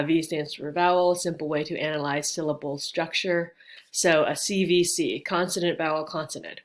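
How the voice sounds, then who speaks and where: Chatty low-voiced woman teaching grammar. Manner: chatty and informal, with many fillers and asides. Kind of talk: casual online grammar lesson. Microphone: home webcam setup.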